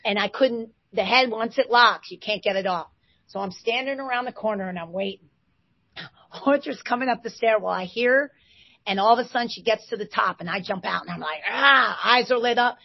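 Woman, 40s, animated storyteller; dry, slightly muffled recording. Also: mid-range voice, a little fast, creaky, dry recording. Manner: lively, excitable retelling with bursts of loudness. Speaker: interview guest, former basketball player. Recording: dull, slightly lo-fi sound.

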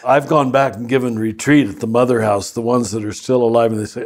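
An older man, a priest, telling stories in a slow, reflective conversation with some self-deprecating humor. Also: mid-range voice. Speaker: priest and teacher.

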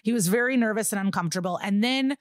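A woman's voice: medium pitch, fast, dry recording, studio quality. Woman animatedly retelling a true-crime story. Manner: animated storytelling, swears, acts out quotes. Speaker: podcast co-host. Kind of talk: casual true-crime recap.

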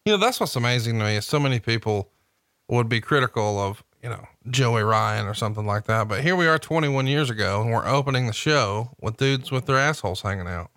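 A man's voice: medium pitch, animated, brisk, fairly bright tone, no room sound, studio quality. A man hosting a casual podcast chat, recapping events and asking teasing questions. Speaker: podcast host.

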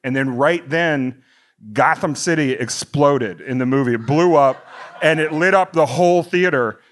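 A middle-aged man telling a stand-up story, his voice sitting a little higher than most men's. He rambles through the tale and gets more and more animated, his pitch shooting up when he gets worked up. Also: a little slow. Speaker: stand-up comedian.

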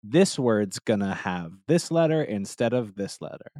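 A woman's voice: rumbling low, lively intonation, measured pace, mellow, dry recording. A woman in casual chat, reading from a story in a dry, exasperated way with many fillers. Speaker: podcast co-host. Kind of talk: casual chat reading fan fiction aloud.

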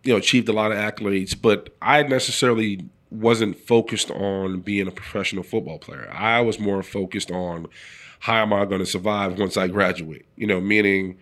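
A middle-aged man with a fairly low voice tells a long story in a relaxed interview. He acts out the people in it, pushing his voice up into their lines. He talks the easy, unscripted way of a former pro athlete being interviewed. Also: normal speed. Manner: animated storyteller acting out quoted voices. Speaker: former pro football player, guest.

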